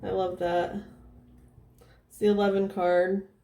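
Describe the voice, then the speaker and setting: A woman giving a casual tarot reading, thinking out loud with lots of fillers and restarts, often dropping to a soft, near-whispered tone. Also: medium pitch, flat delivery, slow pace. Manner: meandering, thinking aloud with many fillers. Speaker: tarot reader.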